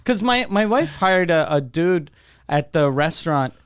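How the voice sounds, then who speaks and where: A man's voice: a little high, lively intonation, a little slow, clear, resonant tone, dry recording, clean studio sound. A man co-hosting a comedy podcast, chiming in with crude jokes and blunt questions. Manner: crude, joking interjections. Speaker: podcast co-host. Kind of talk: casual comedic banter.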